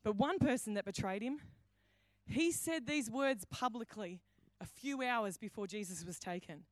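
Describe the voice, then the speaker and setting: A woman's voice: on the high side, moderate pace, dry recording. A woman pastor preaching a sermon, telling the story with acted-out quotes and many restarts. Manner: storytelling, acts out quoted lines, frequent restarts.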